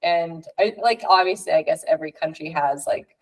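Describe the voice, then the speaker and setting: Podcast host, young Canadian woman, low-ish voice, chatty and loose with fillers. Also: normal speed, poor audio. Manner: chatty, lots of fillers and laughs. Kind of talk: casual chat.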